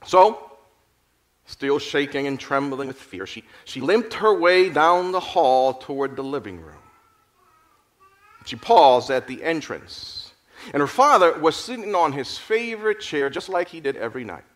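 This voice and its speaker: A man narrating a moral story in an expressive, dramatic storytelling manner. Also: on the high side, unhurried. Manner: expressive, lively storytelling with restarts.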